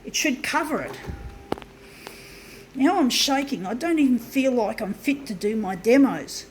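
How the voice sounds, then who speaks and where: A woman's voice: fairly high pitch, expressive, unhurried, a little hiss or hum, poor audio. A woman talking to viewers while working on a craft demo, hot, sweaty and shaking, swearing often and calling them folks. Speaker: vlogger demonstrating a craft. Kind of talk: frustrated casual monologue while working.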